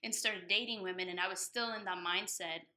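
A woman with a very bright, clear voice tells a personal story in easy conversation. She speaks candidly and grows animated, her voice climbing high at the exciting moments. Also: a little fast. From moved to the United States as a teen. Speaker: guest sharing her story.

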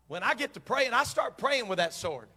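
Male pastor, fervent sermon delivery, high sharp voice that builds to shouting. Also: big pitch swings, moderate pace, slight background noise. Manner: impassioned, swells to shouting.

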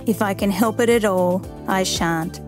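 A woman reading a first-person memoir aloud as narrator, measured and steady. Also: mid-range voice, music in the background.

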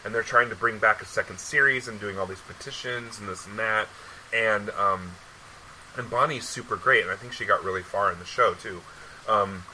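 A man's voice: lowish voice, moderate pace, sharp tone, slight background noise, rough recording. A man hosting a podcast, chatting casually and rambling, with many restarts and repeated words. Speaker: podcast host. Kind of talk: casual chat.

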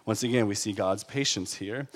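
A man preaching a sermon, animated and laughing often, checking in with the congregation as he goes. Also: on the low side, normal speed. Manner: animated, laughs often, asks the crowd "right?". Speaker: pastor. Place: church sanctuary. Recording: long hall reverb.

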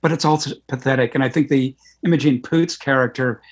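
A man's voice: mid-range voice, fairly even intonation, a little fast. A man on a film podcast discussing a performance thoughtfully, stacking up restarts as he thinks.

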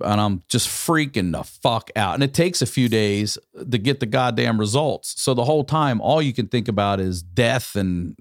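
A man's voice: medium pitch, expressive, moderate pace, hardly any pauses, no room sound, studio quality. A man in his forties, a podcast host, telling a long profane story in casual chat. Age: 40s. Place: podcast studio.

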